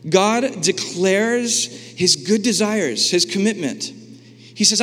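A man preaching a sermon in a lively, conversational way, asking his congregation questions and acting out the voices in the scripture. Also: high voice, slow, slightly rough. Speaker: pastor. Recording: long hall reverb.

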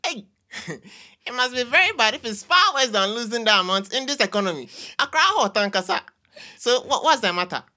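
A performer playing a playful houseboy with a Ghanaian English accent, teasing and mixing in pidgin. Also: male voice, very high voice, lively intonation, brisk, sharp tone, full character voice. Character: joking young houseboy, Richie.

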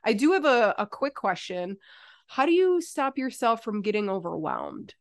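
A woman hosting a podcast who talks in a blunt, animated way and swears freely. Her voice sits at a middle pitch, and she is loose and conversational as she puts questions to her guest. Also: normal speed, creaky. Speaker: podcast host.

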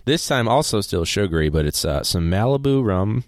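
A man's voice: fairly low pitch, expressive, moderate pace, dry recording. A man co-hosting a casual podcast, rambling and joking, speaking after a few drinks in a small home studio. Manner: rambling, jokey, laughs often. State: has been drinking. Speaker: podcast co-host. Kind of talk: casual chat. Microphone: podcast mic.

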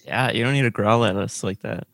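A man's voice: lowish voice, brisk, gravelly, fairly bright tone, dry recording. A man on a video call who teases a friend with pointed questions. His voice is dry and close, with no room sound around it. His delivery is casual and ribbing. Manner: teasing, probing questions. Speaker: podcast co-host. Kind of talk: casual chat.

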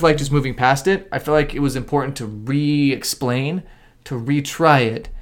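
A man co-hosting a casual sports chat show, running a quiz game and teasing his co-host. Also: medium pitch. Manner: joking, teasing, drawn-out reads of names. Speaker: podcast co-host.

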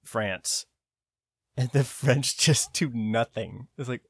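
A man co-hosting a podcast in casual chat, animated and sometimes breaking into shrill mocking voices. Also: slow, creaky, husky, no room sound, studio quality. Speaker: podcast co-host.

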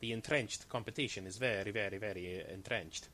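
A man's voice: medium pitch, animated, normal speed, close to an everyday voice. A man voicing a shifty male trader who talks in broken English, haggling and repeating his words. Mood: wheedling.

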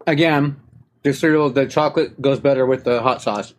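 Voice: mid-range voice, normal speed. An easygoing podcast co-host in casual chat, often questioning.

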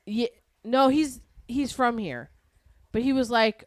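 A woman with a fairly high, lively voice chats casually with friends. She giggles often and swings her pitch up and down as she retells stories. The sound is close and dry. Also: moderate pace, no echo. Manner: giggly, animated storytelling. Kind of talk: casual chat.

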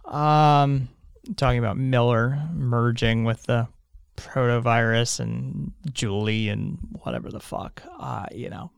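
A man's voice: mid-range voice, fairly even intonation, slow, vocal fry, clean tone, no echo, clean studio sound. Tired, meandering male podcast host. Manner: meandering, frequent fillers and restarts, swears casually. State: tired, yawning. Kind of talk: casual rambling monologue.

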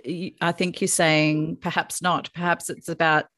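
Low-voiced woman host. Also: flat delivery, normal speed, fairly bright tone, no echo, clean studio sound. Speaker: podcast host. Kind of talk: podcast interview.

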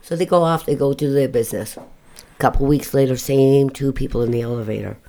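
A woman's voice: rumbling low, a little fast, mellow. An older woman, a guest on a casual podcast, who tells crude jokes and stories bluntly and swears freely. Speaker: guest, host's mother.

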